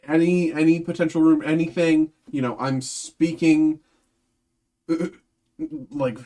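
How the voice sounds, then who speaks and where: A man's voice: fairly high pitch, a little mellow. A man hosting a livestream, thinking aloud in casual chat, hesitant and full of ums and restarts. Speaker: card break host.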